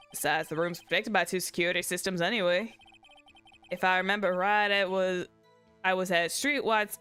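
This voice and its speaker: A woman's voice: lowish voice, sharp tone, smooth. A woman voicing a laid-back cowboy lawman with a put-on Southern twang, reading game dialogue aloud. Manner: laid-back, folksy, slangy drawl.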